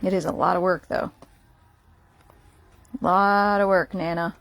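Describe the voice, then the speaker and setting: A woman's voice: lowish voice, steady tone, a little slow, gravelly, fairly bright tone, no room sound. Woman cooing over puppies in her lap. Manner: playful baby talk to puppies, laughing often. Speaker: animal rescue volunteer. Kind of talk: casual talk to camera.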